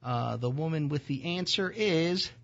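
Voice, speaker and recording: A man hosting a casual talk show, stopping and restarting his sentences often. His voice is husky and a little rough at the edges. The audio is muffled and lo-fi. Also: on the high side. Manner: halting, many filler sounds and restarts.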